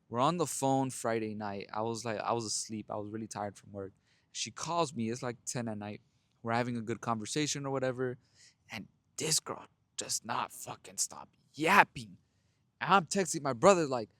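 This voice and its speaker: A young man talks straight to listeners in a blunt, profane, casual way. His voice sits at an ordinary middle pitch. The sound is close and dry, with no room around it. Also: moderate pace, fairly bright tone, no room sound. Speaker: podcast host. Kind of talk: casual monologue.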